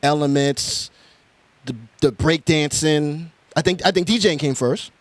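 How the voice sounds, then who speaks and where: A man's voice: a little high, measured pace, a crowd in the background. Eager man hosting, repeating himself. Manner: eager, repeats words, keeps affirming the guest. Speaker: host. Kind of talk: casual interview chat.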